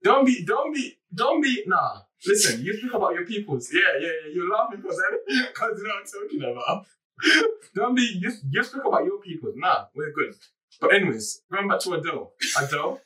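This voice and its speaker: Give me a man on a podcast, voice pitched fairly high and bouncing all over, joking and laughing through his teasing. He sits a bit back from the mic. Casual banter between friends. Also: lively intonation, brisk, pushed and bright, recorded from a distance, rough recording. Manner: teasing, laughs often, repeats himself. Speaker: podcast co-host.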